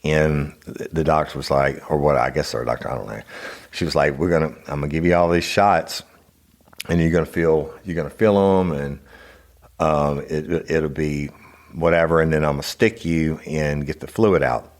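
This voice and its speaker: Very deep-voiced profane man. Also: moderate pace. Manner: blunt, profane, rambling with restarts. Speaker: podcast host. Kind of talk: casual storytelling.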